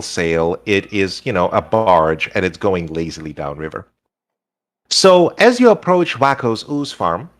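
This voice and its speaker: A man narrating a tabletop role-playing game as game master, in a relaxed, rambling way. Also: mid-range voice.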